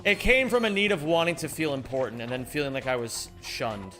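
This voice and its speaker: A man's voice: on the high side, a little fast, fairly bright tone, soft background music. A man streaming a speedrun in casual chat, joking and mocking himself as he reads and answers viewers' messages.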